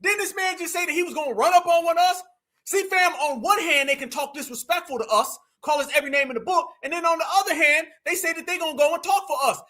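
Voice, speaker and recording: A man with an extremely high, bright, forceful voice talks fast as he hosts a political livestream. His rant is fiery, preachy and repetitive, and he keeps calling his audience fam.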